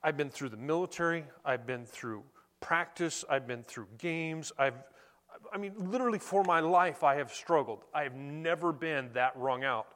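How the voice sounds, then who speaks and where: Animated middle-aged preacher, slightly high voice. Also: male voice, moderate pace. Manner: storytelling, animated and conversational. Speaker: pastor. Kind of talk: sermon.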